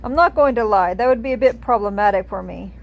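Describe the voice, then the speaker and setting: A cold, disdainful female banshee, played by a woman reading a storybook game aloud. She talks in a curt, haughty way, as if everyone around her is slow. Mid-pitched, plain and direct. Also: gravelly, lo-fi sound, lightly acted.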